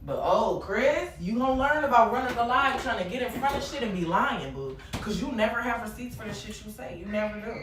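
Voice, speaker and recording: A woman's voice: a little high, expressive, a little fast, hardly any pauses, a bit bright, a little hiss or hum. Give me a blunt, fired-up woman livestreamer venting, recorded in an echoey room. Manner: blunt, profane, heated. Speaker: livestream host.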